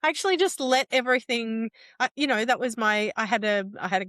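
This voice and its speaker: A woman's voice: on the high side, fast, a bit bright, dry recording, studio quality. A middle-aged woman, a guest on a podcast interview, explaining earnestly with frequent restarts and tag questions. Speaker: guest, entrepreneur.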